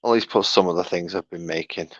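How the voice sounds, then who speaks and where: A man with a low, husky voice talks casually on a live stream, rambling and muttering to himself as he works. The sound is dull and lo-fi, picked up by a wired headset. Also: fast, no echo. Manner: rambling, mutters to himself while fiddling with kit. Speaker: streamer painting miniatures.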